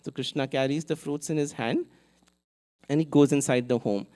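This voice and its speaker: A man giving a sermon in a temple hall, telling a story in an animated way, acting out its characters and asking the audience questions. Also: fairly high pitch, moderate pace. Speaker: temple speaker. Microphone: live event mic.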